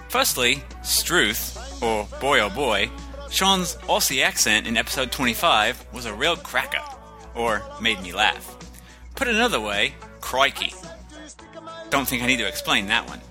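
A man's voice: mid-range voice, pushed and bright. A man reading a listener email while playing a cheerful Australian letter writer, in an exaggerated faux Australian accent that slips toward British.

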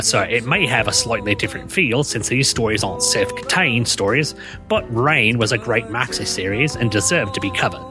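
A man's voice: on the low side, lightly acted. A man reading a listener's letter aloud in a put-on Australian accent, hamming it up and cracking himself up. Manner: hammy, keeps breaking into laughter.

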